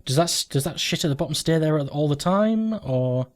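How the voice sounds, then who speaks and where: A man's voice: fairly high pitch, expressive, normal speed. A man hosting a let's play from home, rambling through game commentary, joking and swearing casually as he goes.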